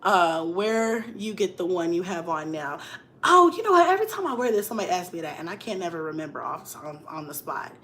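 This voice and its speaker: A young woman vlogger telling a story in casual chat, laughing often and swinging between loud bursts and hushed asides. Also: on the low side, sing-song, brisk.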